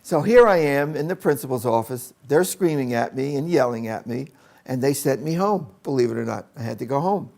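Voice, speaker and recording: A man's voice: medium pitch, expressive, brisk, vocal fry, darkish tone. An older man, an educator, telling a personal story about his schooldays in an anecdotal way, acting out the people in it. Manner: anecdotal, with acted-out quotes.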